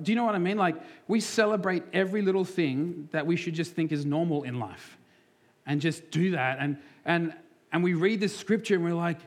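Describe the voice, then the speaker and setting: Man, pastor, sermon, slightly high voice, acts out quotes, near whispers. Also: brisk.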